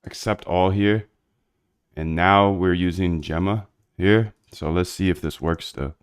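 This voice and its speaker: This is a man with a very low voice, loose and slangy as he works through code on a live stream. He mutters to himself and tosses asides at his chat in an easygoing, rambling way. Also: a little slow, clear, resonant tone. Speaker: livestreaming programmer.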